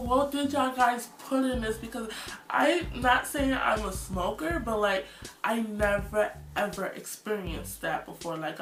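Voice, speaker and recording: A woman in her twenties from New York, telling a storytime vlog story in an animated, slangy way and acting out scenes. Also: fairly high pitch, far from the mic. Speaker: vlogger. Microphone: phone or tablet camera. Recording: roomy, off-mic, faint music.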